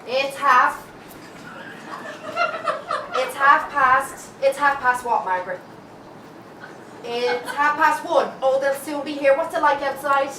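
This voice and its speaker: Brief: actress as a fussing Irish woman, fairly high voice, distant in an echoey noisy hall. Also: slow, long pauses, bright, forceful tone, exaggerated voice. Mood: fretful. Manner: fussing, talking to herself. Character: fretful woman preparing a wake. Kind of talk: amateur stage comedy acting.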